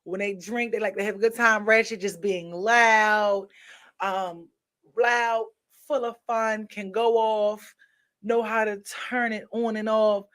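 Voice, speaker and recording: A woman's voice: medium pitch, steady tone, slow pace, fairly bright tone. A tired woman runs a casual livestream and talks straight to her viewers in a loose, chatty way. She drifts from one topic to the next and sounds drowsy and half-yawning the whole time. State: sleepy, yawning. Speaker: livestream host. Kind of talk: casual live-stream chat.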